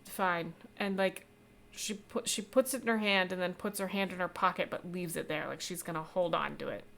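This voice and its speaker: A woman's voice: on the low side, a little fast, creaky. Chatty woman running a tabletop game. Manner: chatty, relaxed, with fillers. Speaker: game master.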